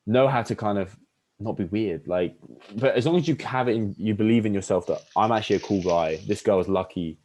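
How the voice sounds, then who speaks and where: A man's voice: lowish voice, brisk, a little mellow, slight background noise. A young man chatting casually on a podcast, rambling with lots of fillers and restarts. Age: young adult. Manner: rambling, many fillers and restarts, acts out pickup lines. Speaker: podcast host. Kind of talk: casual chat.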